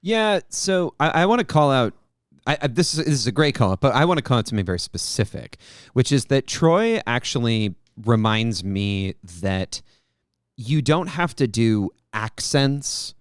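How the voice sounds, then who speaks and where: A man with a smooth, clear voice gives earnest advice in casual podcast chat. He often repeats words while he builds his point. The sound is dry and close to the mic. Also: mid-range voice, expressive, normal speed, dry recording. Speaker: podcast co-host.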